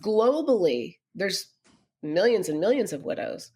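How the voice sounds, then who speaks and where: A middle-aged woman, a podcast guest, telling a personal story earnestly and growing animated when she quotes others. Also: medium pitch, a little slow, soft background music.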